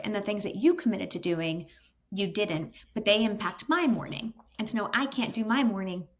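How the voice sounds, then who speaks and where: A woman in her thirties, a podcast guest, telling a personal story in a casual, animated way with quick asides. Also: mid-range voice. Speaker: podcast guest, content creator.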